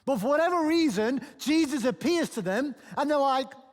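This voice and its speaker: A male pastor preaching a sermon, animated and storytelling, acting out the people in the passage, in a church auditorium. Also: very high voice, a little fast, few pauses. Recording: long church-hall reverb.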